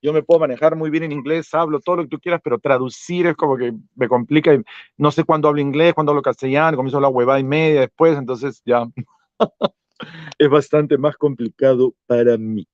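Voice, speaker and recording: A man's voice: fairly high pitch, fast talker, dry recording, highs cut off. Man hosting a chatty live stream. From Peru. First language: Spanish. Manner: chatty, laughs often, mixes English and Spanish. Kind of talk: casual live-stream chat.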